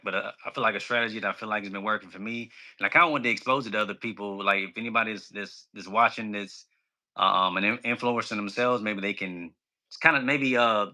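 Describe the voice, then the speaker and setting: A man's voice: on the low side, sharp tone. A bubbly, extroverted man chatting casually as a podcast guest. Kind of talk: casual chat.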